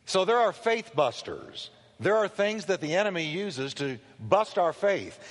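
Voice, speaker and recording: A male pastor preaching a sermon, telling the story with animated delivery and acting out the quotes. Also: a little high. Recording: long hall reverb.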